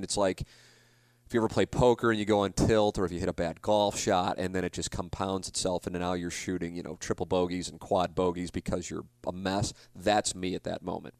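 A sports broadcaster in his forties with a lowish voice tells a story alone, rambling and confessional. He trips over his own restarts and keeps blaming himself. The sound is close and dry, with no room around it. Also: no room sound. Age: 40s. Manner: rambling, confessional, self-deprecating, many restarts. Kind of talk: solo podcast storytelling.

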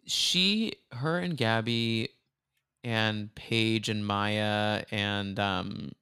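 A man's voice: lowish voice, extremely slow, clear, resonant tone, no room sound, studio quality. A man guesting on a podcast, chatting casually and laughing, acting out people's lines in quotes. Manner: animated, laughing, acts out quotes. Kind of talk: casual chat.

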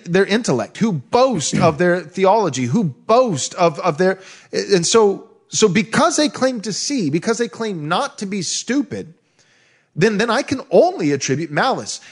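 A man with a fairly high, husky voice builds an argument in conversational podcast commentary. He sounds animated, his pitch rising and falling widely, and he keeps backing up his co-host. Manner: affirming, quotes scripture while arguing.

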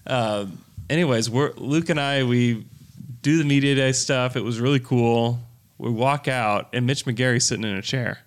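A man's voice: medium pitch, creaky. A man hosting a podcast, telling a story in casual chat and laughing often. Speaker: podcast host.

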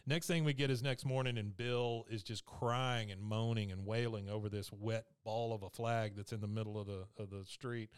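With a fairly low, clean-toned voice, this man recaps a TV episode on a podcast at a moderate pace with few pauses. His casual storytelling is lively, he performs the characters' quotes, and he laughs frequently.

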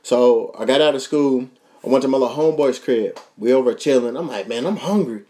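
A young man from Kentucky with a Kentucky accent, hosting a podcast and telling a profane, animated story with voices for the people in it. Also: mid-range voice, a little fast. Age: young adult. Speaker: podcast host. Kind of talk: casual storytelling.

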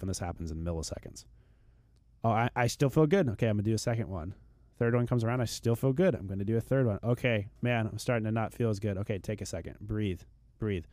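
This man's voice sits on the low side with a dark tone, captured in studio quality without echo. He's a fitness expert chatting on a podcast, sounding earnest and motivational, and tends to repeat words at the start of his thoughts.

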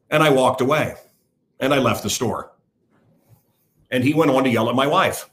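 A man's voice: medium pitch, normal speed, long pauses, fairly bright tone. An older man hosting his own show, talking blunt and rambling in a casual monologue to camera. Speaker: host.

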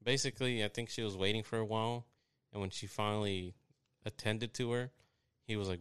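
Young man, from texas, low smooth voice, dry close sound, swearing storyteller. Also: fairly quick, no echo. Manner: swearing, animated retelling with quoted voices. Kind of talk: casual chat, storytelling.

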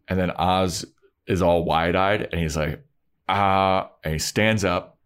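A man's voice: deep voice, slow pace, smooth. A man co-hosting a casual podcast, recapping a TV episode and acting out the characters' lines. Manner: animated retelling, acts out characters' lines. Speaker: podcast co-host.

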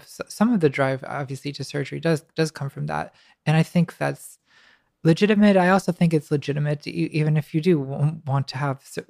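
A woman's voice: low-pitched, creaky, darkish tone, dry recording, clean studio sound. A woman guest talking reflectively, hesitant with many restarts and fillers, and now and then laughing wryly at herself. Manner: wry, laughs lightly at herself. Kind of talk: reflective conversation.

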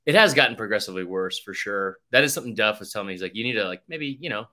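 A man's voice: lowish voice, animated, rapid-fire, pushed and bright. A young man co-hosting a sports podcast, rambling through stories and swearing freely as he chats. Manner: rambling, swears a lot, tells stories with quoted voices. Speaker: podcast co-host. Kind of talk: casual sports podcast chat.

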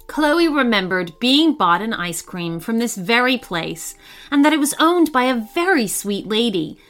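A woman narrating a children's story in a scripted, expressive way with dramatic pauses. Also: on the high side, faint music behind.

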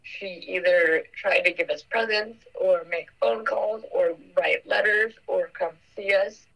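A young woman telling a painful family memory in an earnest, halting way, with frequent fillers. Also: mid-range voice, creaky, a bit bright, poor audio. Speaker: interviewee. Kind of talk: personal recollection.

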